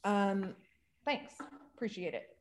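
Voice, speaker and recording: A woman guesting on a podcast in casual chat, dry and deadpan, often pausing with ums. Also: medium pitch.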